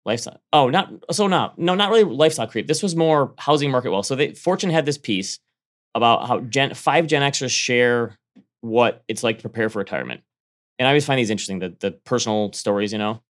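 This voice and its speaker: A man co-hosting a casual finance podcast, animated and quick, often restarting his sentences. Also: mid-range voice. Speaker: podcast co-host.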